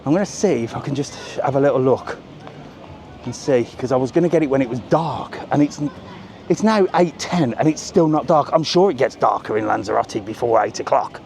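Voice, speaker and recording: A British man with a medium-pitched, darkish voice and lively intonation speaks a little fast while filming a live travel vlog on a small handheld camera along a busy nighttime seafront. He chats, jokes cheekily and swears lightly, with slight background noise and street music around him.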